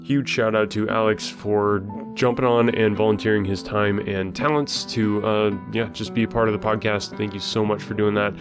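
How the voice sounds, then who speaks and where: A podcast host with a fairly low voice wraps up the episode, relaxed and loosely rambling. Clear guitar music plays under him the whole time. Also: male voice, moderate pace, few pauses. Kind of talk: casual outro.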